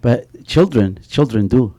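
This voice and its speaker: A man's voice: mid-range voice, lively intonation, measured pace, mellow. A middle-aged man speaking on an author panel, telling stories animatedly with many restarts and a repeated "you know.". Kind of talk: panel talk with spoken storytelling.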